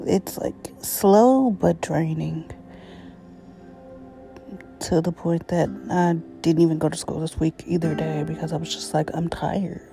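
A young adult woman hosting her own casual solo podcast, talking in a tired, rambling way with breathy asides. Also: deep voice, fairly even intonation, a little slow, dark tone, soft background music. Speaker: podcast host. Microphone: USB microphone.

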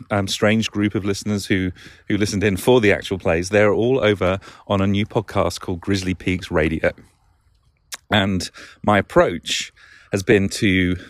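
A man's voice: lowish voice, no echo, clean studio sound. A man with a Lancashire accent hosting a casual solo podcast, rambling and self-deprecating with frequent chuckles. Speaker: podcast host.

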